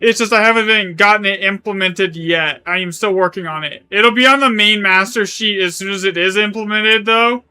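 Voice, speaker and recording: A man's voice: sits high, brisk, few pauses, pushed and bright, clear, resonant tone. A man streaming a game live, chatting casually in a rambling way, correcting himself as he goes and swearing now and then. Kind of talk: live gaming stream chat.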